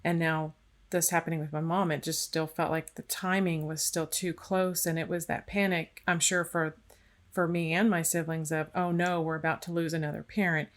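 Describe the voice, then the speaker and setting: A woman hosting a podcast, speaking reflectively and haltingly as she searches for her words. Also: sits low, flat delivery. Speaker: podcast host. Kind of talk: conversational interview.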